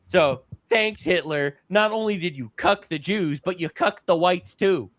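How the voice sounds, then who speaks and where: Sarcastic, rambling man with a high voice. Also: unhurried, a bit bright, no echo. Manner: rambling, sarcastic, many fillers. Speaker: podcast host. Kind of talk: casual podcast chat.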